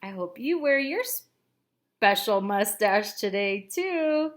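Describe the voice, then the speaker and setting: A woman's voice: medium pitch, expressive, slow. A woman reading a picture book aloud to children, asking them questions and having them join in. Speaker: storyteller for children.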